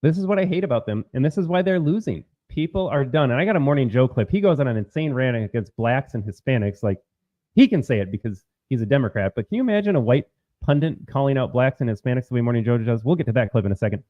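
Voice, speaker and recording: A man's voice: mid-range voice, expressive, fast, no room sound, narrow, tinny audio. A man hosting an opinionated political commentary, talking emphatically to his viewers and repeating his points.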